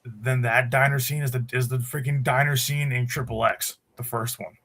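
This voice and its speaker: A man talking through a film review on a casual podcast, in a bright, forceful voice at a middling pitch. He rambles and restarts often, opinionated but easygoing. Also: fairly even intonation, normal speed. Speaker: podcast co-host. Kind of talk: casual movie review chat.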